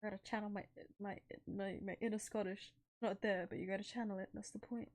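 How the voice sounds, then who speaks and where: A woman's voice: medium pitch, steady tone, a little fast, darkish tone. A young woman streaming a game, chatting casually with swearing and laughing asides. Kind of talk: casual let's-play commentary. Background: background music.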